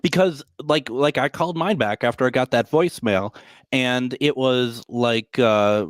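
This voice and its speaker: A man's voice: medium pitch, a little slow, dry recording. A man hosting a call-in radio show from a hotel room, talking casually in a rambling, joking way with lots of fillers and restarts.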